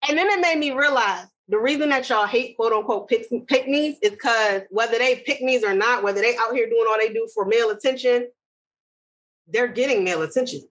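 High-voiced woman ranting on a podcast. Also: a little fast, a bit bright, dull audio. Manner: blunt, ranting, slangy. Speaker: podcast co-host. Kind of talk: casual chat.

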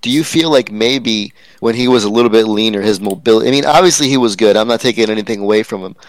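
A man chatting casually as a guest, asking relaxed questions with hesitant restarts. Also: fairly low pitch, fast talker, no echo. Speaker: podcast guest. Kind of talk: casual chat.

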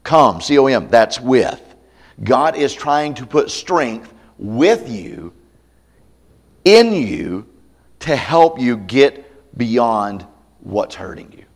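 Male pastor, middle pitch, very expressive intonation, chatty candid sermon delivery. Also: extremely slow. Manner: conversational, acts out quoted voices; candid, self-deprecating humor. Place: church camp meeting.

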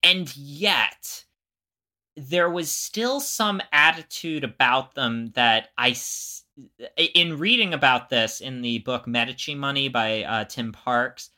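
Podcast co-host, long-winded explainer, mid pitch, bright voice. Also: lively intonation, slow pace. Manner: explains at length, restarts and circles back. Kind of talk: casual explanatory chat.

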